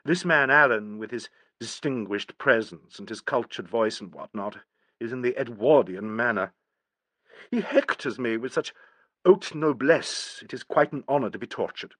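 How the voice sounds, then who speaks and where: A man voicing a tense, brooding young woman in an audiobook, with a deep voice and falling inflection and a bitter edge. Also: animated, normal speed, a bit bright, no room sound. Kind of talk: audiobook character reading.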